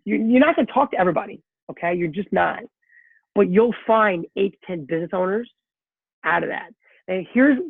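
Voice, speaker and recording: A man's voice: high-pitched, gravelly, husky, no room sound. A man as a sales coach leading a group conference call, giving a direct, repetitive pep talk. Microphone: conference call line. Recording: tinny phone-line call audio.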